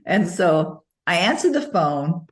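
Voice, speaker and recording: Middle-aged woman, interview guest, low voice, animated storyteller who laughs often. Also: slow pace. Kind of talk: casual interview conversation.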